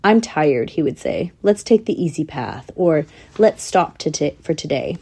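A woman's voice: low-pitched, animated, measured pace, gravelly, warm tone, breathy edge, heavily acted. A woman voicing a young female squirrel telling her story in a matter-of-fact, thoughtful way. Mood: earnest.

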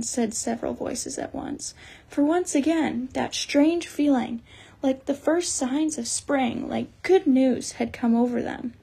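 Slow, breathy woman narrating a storybook. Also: a little high. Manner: measured, gentle storytelling. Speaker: audiobook narrator.

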